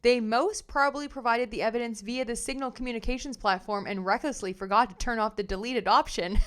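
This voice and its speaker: A woman hosting a casual commentary show, reading viewer comments in an animated, sassy way with slang. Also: a little high, brisk, few pauses, clear, resonant tone. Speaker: commentary host.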